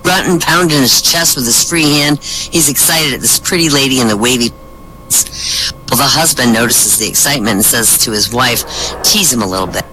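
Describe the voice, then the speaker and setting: Bright-voiced man telling jokes. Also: mid-range voice, normal speed, a little hiss or hum, poor audio. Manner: lively storyteller acting out the characters' lines. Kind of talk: stand-up joke telling in a voice chat room.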